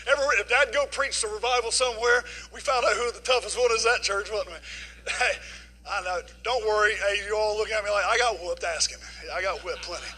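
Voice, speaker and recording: A middle-aged man preaching a sermon in a folksy storytelling way, using casual dialect grammar and swinging from loud passages to hushed ones. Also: high-pitched, fairly quick, low-quality recording. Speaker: guest preacher.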